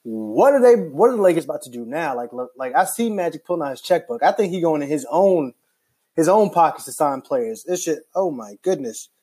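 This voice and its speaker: A man's voice: fairly high pitch, fairly quick, breathy edge. A young man ranting casually and with frustration, rambling and filling his talk with "like" and restarts. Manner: animated, rambling, heavy use of "like". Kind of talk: casual basketball rant.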